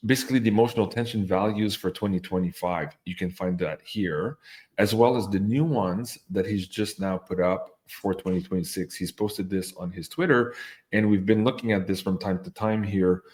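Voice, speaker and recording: A man's voice: sits low, normal speed, darkish tone. A man hosting an interview, talking casually and animatedly with frequent laughs and fillers. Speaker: host.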